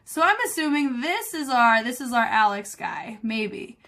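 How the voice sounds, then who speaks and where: Enthusiastic woman choreographer, higher voice. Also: lively intonation, measured pace, bright, forceful tone. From United States. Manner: scats and counts beats along with the music; enthusiastic and chatty. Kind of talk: dance reaction commentary. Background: faint music.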